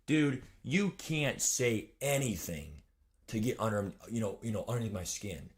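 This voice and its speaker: A man's voice: medium pitch, animated, unhurried. A young man ranting casually on a live stream, rambling and heated, swearing often and talking straight to his chat. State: hungry and weak.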